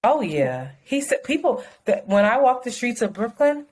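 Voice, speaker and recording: Woman co-host, casual chat, animated storyteller, frank and profane. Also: fairly high pitch, normal speed. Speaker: podcast co-host.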